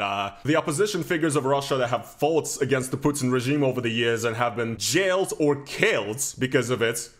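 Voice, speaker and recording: A man reacting to videos as a streamer, exasperated and sarcastic, swearing often. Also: medium pitch.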